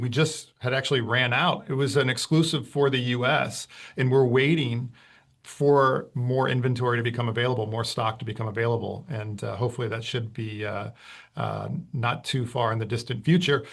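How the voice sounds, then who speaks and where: A man's voice: medium pitch, vocal fry, a bit bright. A man talking as a whisky brand ambassador, explaining at ease with many fillers in a podcast interview.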